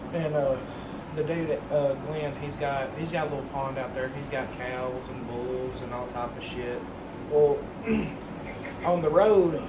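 Man, rambling profane storyteller, sits back from the mic, roomy sound. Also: on the high side. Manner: rambling, profane, swears often. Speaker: podcast co-host. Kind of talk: casual storytelling. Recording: echoey room, mic at a distance, audible background hiss.

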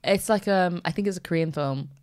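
A woman's voice: fairly low pitch, fairly quick, a little mellow, dry recording, clean studio sound. A young woman co-hosting a podcast, chatting casually and bluntly, swearing freely and trailing off into fillers. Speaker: podcast co-host. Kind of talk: casual chat.

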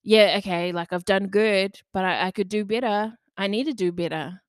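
A woman's voice: medium pitch, normal speed, no echo, studio quality. A young woman talking candidly in a loose, chatty way, full of fillers and the odd swear word. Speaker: podcaster. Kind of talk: candid personal monologue.

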